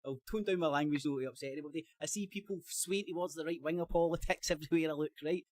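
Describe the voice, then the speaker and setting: A Scottish man holding forth on a live-stream panel, his voice pitched a little high for a man. He rambles, corrects himself mid-sentence, swears freely and laughs as he goes. The sound is dry and close, with no room around it. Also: fast, dry recording. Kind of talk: casual live-stream debate.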